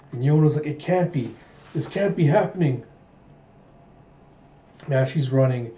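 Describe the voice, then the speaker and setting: A man's voice: mid-range voice, warm tone. A young man casually retelling a comic story aloud, reading out the lines with loose "she's like" asides. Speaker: comic reader. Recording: dull, roomy home recording.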